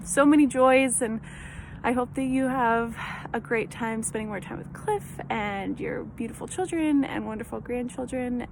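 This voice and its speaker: Sex: woman. Style: recorded video tribute. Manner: heartfelt, gently rambling. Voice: higher than most, gravelly. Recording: noisy home video.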